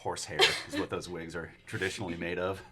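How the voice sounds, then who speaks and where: A man's voice: sits low, little pitch movement, a loud crowd. A man playing a tabletop game, chatting casually and chiming in often with laughter. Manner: chatty, quick to chime in, laughs a lot. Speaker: player.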